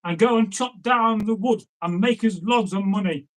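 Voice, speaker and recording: A man voicing a stern, white-bearded old Viking father who speaks in slow, commanding tones. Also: high-pitched, a bit bright, rough recording.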